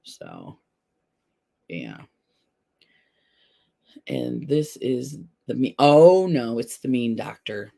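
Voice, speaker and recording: A woman's voice: extremely low pitch, huge pitch swings, extremely slow, gravelly, long pauses, warm tone. A woman hosting a casual live stream, chatting candidly and answering viewers directly, recorded at home. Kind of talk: casual live chat, reading viewer comments.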